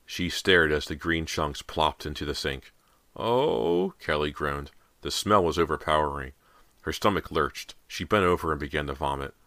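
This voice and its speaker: A man reading a horror audiobook in a measured, suspenseful narration. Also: extremely low pitch, fairly even intonation, bright, forceful tone, dry recording.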